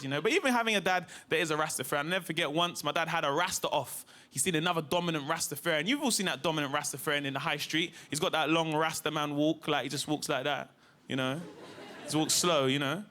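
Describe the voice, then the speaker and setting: A man doing a lively, chatty stand-up routine on a TV studio stage. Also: a little high, quick pace, a little hiss or hum. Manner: lively, chatty, peppered with "you know, man". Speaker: stand-up comedian.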